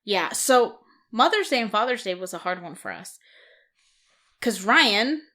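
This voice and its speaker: A woman in her thirties co-hosting a casual podcast chat, telling stories with lively quoted asides. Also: medium pitch, measured pace. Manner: chatty, storytelling with quoted asides. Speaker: podcast co-host.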